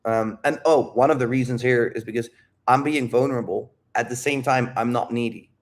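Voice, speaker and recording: A man's voice: medium pitch, steady tone, brisk. A man talking candidly about dating and his emotions, rambling and calling the listener "dude". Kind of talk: casual talk.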